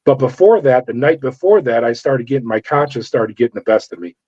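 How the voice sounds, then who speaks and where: A man's voice: mid-range voice, lively intonation, a little fast, darkish tone, slightly rough. A middle-aged man from California, a former corrections officer, telling his story in an interview and acting out the voices of the people in it. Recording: dull lo-fi audio.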